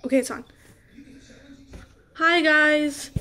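A woman's voice: high-pitched, fairly even intonation, slow pace, bright, forceful tone, a little hiss or hum. A young woman filming a crafting vlog, flustered and laughing at her own slip-ups. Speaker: crafting vlogger. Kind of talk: casual blooper vlog.

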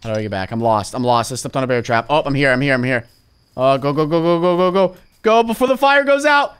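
A young man giving excitable game commentary, swinging from hushed muttering to frantic yelling. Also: mid-range voice, fast, smooth. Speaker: gaming YouTuber.

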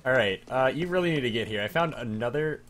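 Lively joking young man streaming a game. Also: mid-range voice, quick pace. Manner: joking, animated, does silly voices. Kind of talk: casual gameplay chat.

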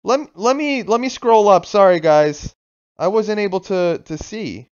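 A man from Florida streaming a video game live, casually chatting with viewers, swearing and breaking into excited outbursts. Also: high voice, measured pace, clear, resonant tone, dull audio.

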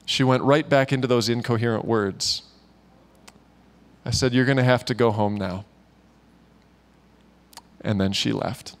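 A man preaching to a church gathering, telling a story in a lively way and acting out the voices of the people in it. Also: medium pitch, unhurried, pauses often. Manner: animated storyteller who acts out quoted voices and laughs often. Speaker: pastor. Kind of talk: sermon storytelling. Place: church meeting room.

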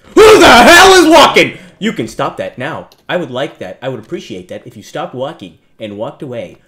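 A young man giving jokey, self-mocking let's-play commentary on a horror game, yelping and shouting at the scares. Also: mid-range voice, big pitch swings, a little fast, very noisy. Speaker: gaming YouTuber.

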